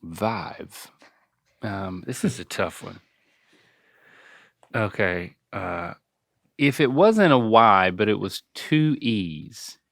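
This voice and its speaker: A man's voice: on the low side, animated, very slow, vocal fry, pauses often, fairly bright tone. A man in his forties on a casual podcast, playfully coaching his father through pronunciations and spelling words out letter by letter. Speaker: podcast co-host, son quizzing his father. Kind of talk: casual chat.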